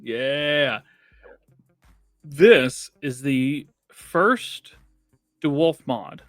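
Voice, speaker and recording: A man's voice: medium pitch, expressive, extremely slow, a bit bright, no room sound, clean studio sound, soft background music. A man co-hosting a casual gaming podcast, chatty and rambling, laughing often. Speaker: podcast co-host.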